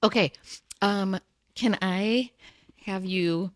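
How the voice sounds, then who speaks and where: A woman's voice: medium pitch, extremely slow, dry recording, studio quality. Chatty, giggly woman podcast host. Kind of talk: casual interview chat.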